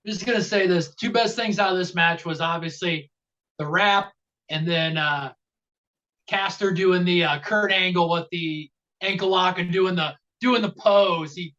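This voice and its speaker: A man's voice: high-pitched, fairly even intonation, measured pace, bright, forceful tone. A man co-hosting a podcast, giving a laid-back, rambling review of a wrestling match. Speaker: podcast co-host. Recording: dull lo-fi audio.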